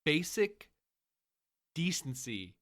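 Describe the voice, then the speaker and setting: A man's voice: on the high side, big pitch swings, very slow, a bit bright. A married man co-hosting a casual podcast chat, laying out his points at length and with emphasis. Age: adult, married. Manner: long-winded, laying out rules with emphasis. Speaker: podcast co-host.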